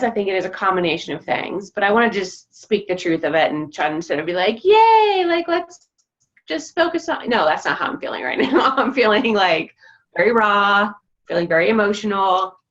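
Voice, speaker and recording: A woman sharing her feelings over a group video call, halting and reflective with many pauses and restarts. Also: mid-range voice, a bit bright, lo-fi sound. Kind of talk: casual personal sharing.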